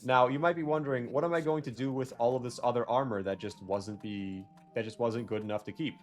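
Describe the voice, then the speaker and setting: A young man with a medium-pitched, fairly even voice talks briskly over faint background music. He's a gaming video creator offering casual, rambling gameplay commentary, correcting himself and wandering into jokey rants.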